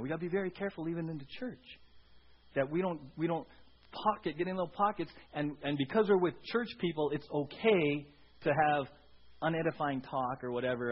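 A man's voice: fairly high pitch, a little fast. A man preaching a sermon as pastor, conversational, often checking in with the congregation with "right?". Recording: dull lo-fi sermon audio.

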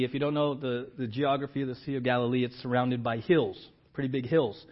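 A male pastor preaching a sermon in a casual, animated storytelling way with everyday slang. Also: on the high side, lo-fi sound.

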